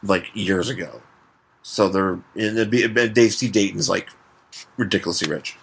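A man's voice: on the low side, fairly even intonation, moderate pace, creaky, fairly bright tone, slightly rough. A man co-hosting a podcast, chatting casually about comics, rambling with lots of fillers and casual swearing. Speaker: podcast co-host. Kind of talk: casual comic-book chat.

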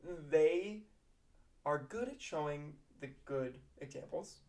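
A man teacher co-hosting a podcast in casual chat, telling lively classroom stories and acting out scenes. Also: a little high, takes it slowly. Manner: animated storyteller who acts out classroom scenes.

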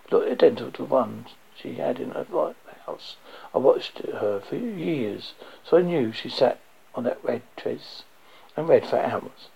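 A man reading a dark first-person story aloud, low and intense, sometimes dropping to a whisper. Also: sing-song, a little slow, gravelly, slightly rough. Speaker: audiobook narrator. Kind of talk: first-person audiobook narration. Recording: dull lo-fi recording.

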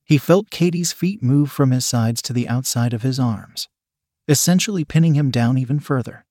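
A man narrating a scripted story in a measured, steady reading manner. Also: mid-range voice, dry recording, studio quality.

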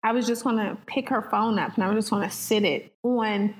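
Talking fairly quickly at a medium pitch, a woman appears as a podcast guest, bringing her stories to life by voicing the dialogue herself. The rough recording has a long reverb tail.

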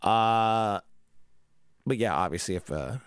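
A man's voice: on the low side, slow, clean tone, dry recording, studio quality. A man hosting a podcast in loose, profane casual chat, full of fillers. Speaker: podcast host.

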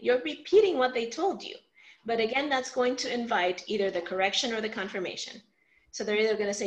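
A woman coaching a workshop on tough family conversations, her voice sitting a little high. She talks in an animated way, voices the example lines herself, and keeps checking in with "right?". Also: fast talker, rough recording. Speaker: communication coach. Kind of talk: teaching a workshop talk.

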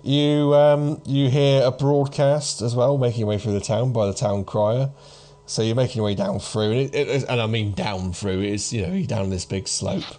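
A man's voice: medium pitch, steady tone, normal speed, dark tone. A man in his thirties narrating as game master for a tabletop game, rambling with many restarts. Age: 30s.

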